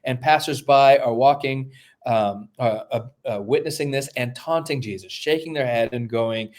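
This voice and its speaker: A man of middle pitch explains ancient texts as a podcast guest. He lectures step by step, and his speech is dotted with fillers and false starts as he thinks aloud. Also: moderate pace, darkish tone. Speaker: guest, New Testament scholar.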